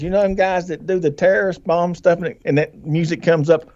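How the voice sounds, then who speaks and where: A man's voice: on the high side, a little fast, few pauses. Folksy storytelling man, dull lo-fi sound. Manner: animated, folksy, laughs often, quotes himself and others. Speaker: podcast guest. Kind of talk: casual storytelling.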